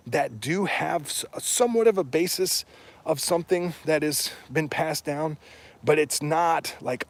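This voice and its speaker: A man talks casually, blunt and emphatic, his voice husky and a little rough at mid pitch. He keeps pushing his points and rises into indignant rhetorical questions. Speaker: podcast guest or host discussing heathen religion. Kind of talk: casual opinionated talk.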